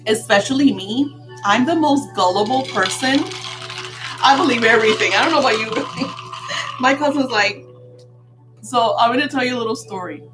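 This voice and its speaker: A woman's voice: a little high, normal speed, long pauses, over music, low-quality recording. An older woman teaching a live class on spiritual practice in a chatty storytelling way, laughing often. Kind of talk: casual live-stream class.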